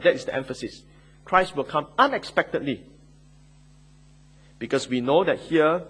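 A man's voice: medium pitch, fairly bright tone, husky. A man preaching an expository sermon, stressing and repeating key phrases and often checking in with "Okay?".

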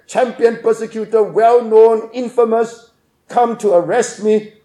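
A preacher with a high, mellow voice gives an expository sermon at a measured pace and in a steady tone. He's emphatic, moving between loud stresses and hushed asides, and the room lends a noticeable echo.

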